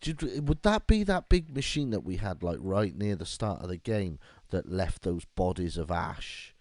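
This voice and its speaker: Deep-voiced gamer ranting over play. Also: male voice, unhurried, dry recording. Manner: reads game text aloud, breaks into animated rants. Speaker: gaming video host. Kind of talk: game playthrough commentary.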